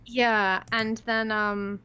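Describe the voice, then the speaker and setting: A woman's voice: on the high side, flat delivery, drawn-out words, pushed and bright, clear, resonant tone. A young woman co-hosting a casual livestream who rambles with many fillers and giggles often, heard through slightly muffled call audio. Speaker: co-host.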